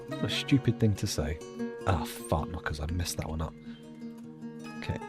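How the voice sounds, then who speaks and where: A man's voice: very deep voice, normal speed, pauses often, over loud music. A man giving jokey, rambling gameplay commentary, muttering asides to himself as he plays. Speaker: let's play host.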